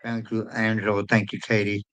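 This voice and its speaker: A man's voice: lowish voice, monotone, normal speed, a bit bright, rough recording. A man hosting a livestream in casual chat, greeting and answering viewers by name. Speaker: livestream host.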